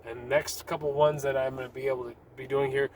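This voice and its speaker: A man's voice: mid-range voice, little pitch movement, quick pace, slight background noise, low-quality recording. A man talking casually but urgently about his faith to the camera while sitting in a car, with rambling restarts. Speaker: Christian vlogger.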